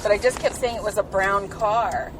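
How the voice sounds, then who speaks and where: A woman's voice: medium pitch, fairly even intonation, normal speed. A woman telling rambling personal stories in a chatty way, full of "like" and "um", while she drives. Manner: chatty, filler-heavy with frequent "like" and "um". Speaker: podcast host. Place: inside a moving car. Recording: car road noise behind voice. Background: car and traffic noise.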